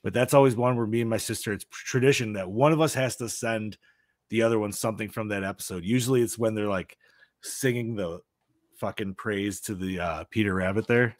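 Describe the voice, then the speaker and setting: A man's voice: fairly low pitch, a little fast, dry recording, clean studio sound. A man in a casual podcast chat, telling a story with lots of swearing and "dude", acting out the characters' lines. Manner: animated storyteller, swears a lot, says dude. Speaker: podcast co-host.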